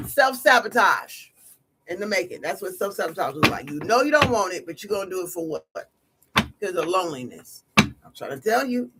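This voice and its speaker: A tarot reader hosting a casual livestream, talking in a blunt, slangy, scolding way. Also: mid-range voice. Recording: noisy livestream audio.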